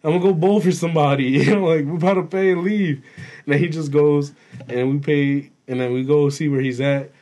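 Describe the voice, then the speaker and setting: Animated young man telling a story. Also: a little high, moderate pace. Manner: animated storytelling, heavy swearing and laughter. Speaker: storyteller among friends. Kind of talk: casual chat.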